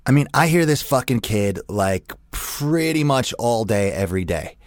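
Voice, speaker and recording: A man's voice: medium pitch, lively intonation, moderate pace, dry recording, clean studio sound. A young adult man hosting a radio show, delivering a crude, profane, rambling comedic rant.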